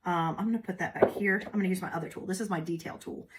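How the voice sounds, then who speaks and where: A woman's voice: on the low side, fast talker, slight background noise. A woman, chatting folksily to viewers as she demonstrates a craft project step by step. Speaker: craft tutorial host. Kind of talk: casual step-by-step craft demo.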